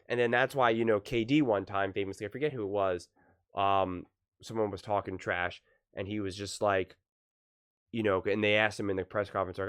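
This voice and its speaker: Young man, sports commentary host, emphatic, animated, punchy, speaks straight to his viewers. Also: fairly low pitch, fairly quick, smooth, no room sound, studio quality. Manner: animated, emphatic, quoting players in punchy voices. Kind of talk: solo sports opinion commentary.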